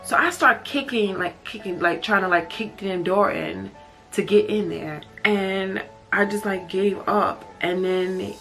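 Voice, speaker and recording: A woman's voice: medium pitch, a little slow, fairly bright tone, faint music behind. A woman telling a personal story in a storytime vlog, emotional and candid, swearing and saying "like" often. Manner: emotional, candid, heavy use of "like" and profanity. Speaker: vlogger.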